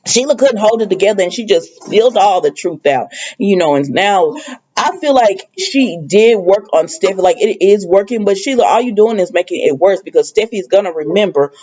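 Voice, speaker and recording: A woman's voice: mid-range voice, brisk. Chatty woman recapping, lo-fi sound. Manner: chatty, animated retelling with colloquial asides. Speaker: soap opera recap vlogger. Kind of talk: casual recap chat.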